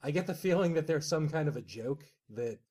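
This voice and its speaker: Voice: medium pitch, expressive, fairly quick, warm tone. A podcast co-host in casual chat who jokes around and stammers through restarts. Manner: joking, hesitant, stammering restarts. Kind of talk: casual comic discussion.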